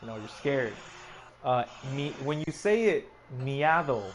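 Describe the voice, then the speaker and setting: Chill guy hosting a podcast, mid pitch, faint hum in the background. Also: sing-song, a little slow. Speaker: podcast host. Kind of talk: casual podcast chat.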